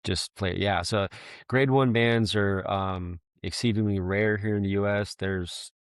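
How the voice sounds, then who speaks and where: A man's voice: lowish voice, fairly even intonation, unhurried, clean tone, dry recording, studio quality. A man talking as a podcast guest in a casual, rambling, self-deprecating way, laughing often. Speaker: guest, firefighter bagpiper.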